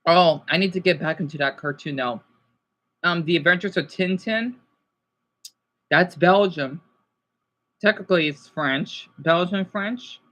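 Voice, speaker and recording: A man chatting casually on a livestream, answering viewers, rambling and excitable with lots of restarts and exclamations. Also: on the high side, a little slow, pauses often. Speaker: YouTuber.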